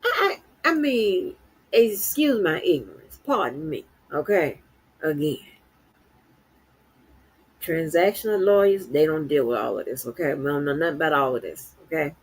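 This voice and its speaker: Middle-aged woman from Florida, husky and low-set, exasperated profane streamer whose pitch jumps wildly between muttering and outbursts. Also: animated, moderate pace, low-quality recording. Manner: exasperated, swears constantly, swings from low mutter to high outbursts. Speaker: streamer commenting on news. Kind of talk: casual profane commentary.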